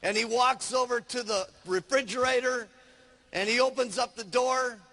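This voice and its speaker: A male trainer tells an animated seminar story and acts out the scenes. His voice is high and bright with a gravelly edge. He takes his time and speaks slowly. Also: in a large hall.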